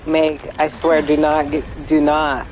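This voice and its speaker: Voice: medium pitch, monotone, measured pace, music in the background, rough recording. A live streamer chatting casually and rambling through gameplay commentary, sometimes swearing when frustrated.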